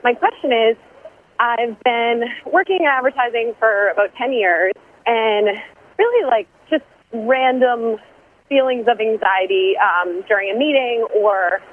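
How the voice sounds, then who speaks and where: Woman from boston, voicemail, chatty, earnest, higher voice, tinny phone line. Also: a little slow. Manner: chatty, earnest, uses fillers. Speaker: caller. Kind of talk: voicemail message.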